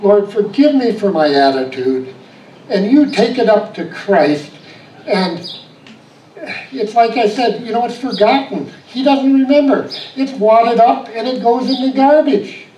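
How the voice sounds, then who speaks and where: A man preaching a storytelling sermon, moving from animated anecdote to soft reflection. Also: very high voice, measured pace, slight background noise. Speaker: pastor. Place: church sanctuary. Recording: echoey church room, voice from far off.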